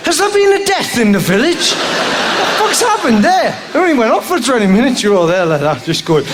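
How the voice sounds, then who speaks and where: A man's voice: sits high, sing-song, a little fast. A man doing stand-up crowd work on a theatre stage, rambling and jumping into squeals and silly voices. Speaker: stand-up comedian. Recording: live show recording with noise behind.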